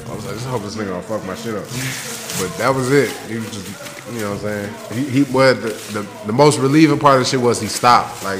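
A man in a casual chat telling a story in a relaxed, hesitant way. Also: lowish voice, rough recording.

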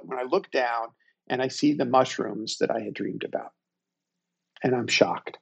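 A man in his fifties, a guest telling a personal story in a reflective, unhurried and self-deprecating way. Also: mid-range voice, gravelly, breathy edge, dull audio.

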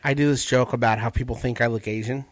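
Man, stand-up comic, casual animated podcast chat, medium pitch, dry booth sound. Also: fast talker, dry recording. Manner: animated, jumps into high voices when quoting. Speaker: comedian podcast co-host.

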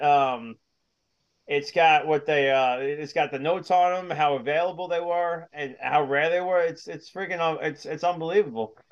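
A man's voice: fairly high pitch, clean tone, muffled recording. A man co-hosting a podcast in casual chat, rambling with repeated words and laughing easily. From United States. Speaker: podcast co-host.

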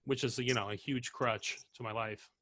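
A man chatting as a podcast guest, playful and rambling, quick to laugh. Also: medium pitch, fairly even intonation, pushed and bright. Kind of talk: casual comedic chat.

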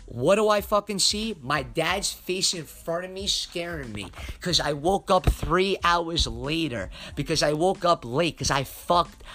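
A man's voice: on the high side, animated, unhurried, pushed and bright, soft background music. A young man hosting a podcast, telling a story in a rambling, profane, emphatic way. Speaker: podcast host. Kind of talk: casual storytelling monologue.

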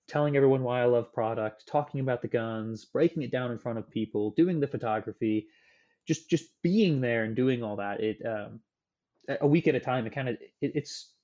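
A man talking as a podcast guest, enthusiastic and chatty, spinning stories at a mid-range pitch. His audio sounds a little dull and lo-fi, as if from a remote setup. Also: a little mellow. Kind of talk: casual chat.

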